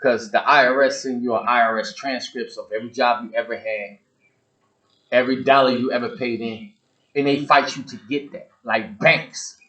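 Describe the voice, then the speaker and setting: A man hosts his own show, ranting bluntly and emphatically straight at his listeners and hammering his points through repetition in a preachy monologue. His mid-range voice is bright and forceful, with fairly even intonation and a moderate pace. The audio quality is poor.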